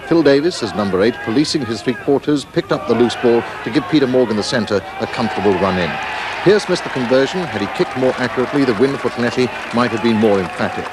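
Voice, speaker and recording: Man, match report voice-over, measured, crowd noise behind, noisy track. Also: mid-range voice, expressive. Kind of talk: scripted match report narration. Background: stadium crowd.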